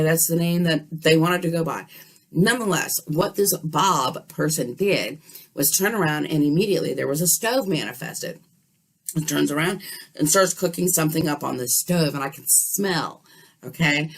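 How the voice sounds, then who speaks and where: A woman telling a story in a casual, animated way, often checking in with her listener. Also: low-pitched, breathy edge. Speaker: dream vlogger.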